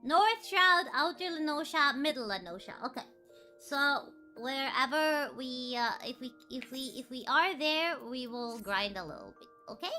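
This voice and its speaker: A woman with an extremely high, lively, bright and cutesy voice, chatting slowly and playfully on a gaming stream. She gets excitable and playful, and faint music plays behind her. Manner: excitable, squeals and bursts of loud shouting; playful, puts on mock-dramatic lines.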